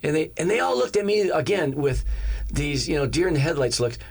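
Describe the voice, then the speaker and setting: A man preaching as a pastor, telling a personal story in a lively way and acting out the lines of each person in it. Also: on the high side, fairly quick, gravelly, breathy edge. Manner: animated, acts out each character's lines in the story. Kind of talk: storytelling sermon.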